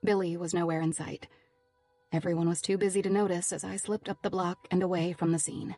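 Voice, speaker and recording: A woman's voice: on the low side, little pitch movement, brisk, warm tone, soft background music. A woman narrating a thriller audiobook in the first person, tense and driven.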